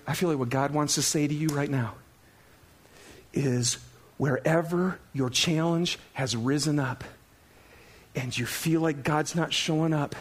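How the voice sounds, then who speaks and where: A pastor preaching a sermon, talking to the congregation like friends and swinging from hushed, low delivery to excited shouting. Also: male voice, breathy edge. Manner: conversational, addresses congregation as "you guys".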